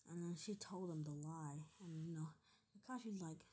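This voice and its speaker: A woman's voice: low voice, moderate pace, mellow, husky. Rambling woman casually telling a story. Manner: rambling, filler-heavy, joking asides. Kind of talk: casual retelling of a fan story.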